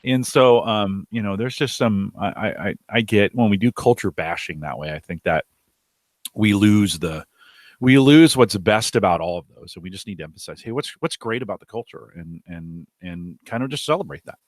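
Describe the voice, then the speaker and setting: A man co-hosting a podcast, talking in an animated, wry way and restarting his sentences. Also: lowish voice, moderate pace, no room sound, clean studio sound. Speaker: podcast co-host. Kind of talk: casual podcast chat.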